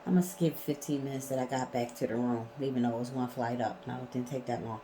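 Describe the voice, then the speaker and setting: A woman's voice: rumbling low, fairly even intonation, fast talker, noisy background. A woman vlogging in a casual storytelling way, blunt and emphatic, swearing freely.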